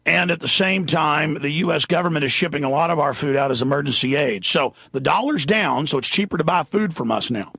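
A man's voice: on the high side, animated, fairly quick, creaky, few pauses, fairly bright tone, slightly rough, dry recording, dull audio. A man hosting a call-in radio talk show, rambling and losing his train of thought as he goes.

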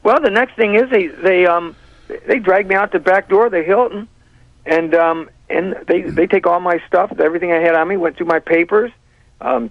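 A man as a guest on a talk radio show, telling his story earnestly with halting speech and many restarts. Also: high voice, dry recording, lo-fi sound. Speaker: guest, parent and sheriff candidate.

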